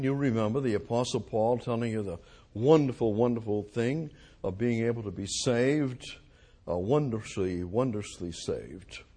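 In a mid-range voice with a breathy edge, a man preaches an expository sermon. He reads scripture aloud, moving from hushed, slow phrasing to loud, emphatic lines.

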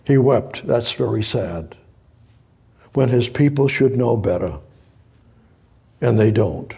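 A man's voice: medium pitch, animated, slow, gravelly, pauses often, mellow, husky. A man preaching a sermon, reading scripture aloud and breaking off to explain it, repeating phrases and rising to emphatic exhortation.

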